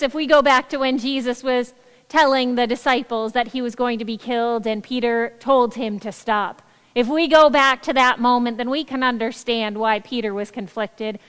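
A woman pastor delivers a sermon with a high, light voice, pressing her points through earnest repetition. Her words ring out with a long echo, as if in a church sanctuary. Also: a bit bright, clean tone. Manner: earnest, repetitive, emphatic preaching.

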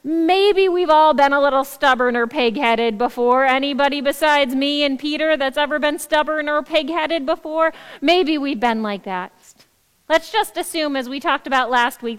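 A woman's voice: high-pitched, a bit bright, in a large hall. A woman pastor preaching a sermon in an earnest, emphatic way, repeating her key phrases.

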